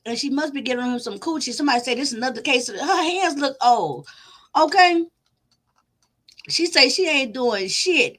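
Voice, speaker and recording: High, bright-voiced woman ranting. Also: moderate pace. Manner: loud, animated, profane, laughing. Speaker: commentator reacting to a video. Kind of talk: casual reaction commentary.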